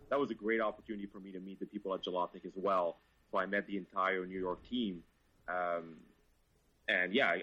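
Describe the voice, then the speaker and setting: A man's voice: sits low, breathy edge, dull audio. A man, a guest car reviewer, telling stories in casual chat with lots of laughs and swearing. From Quebec, Canada. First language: French. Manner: laughing, profane, animated storytelling.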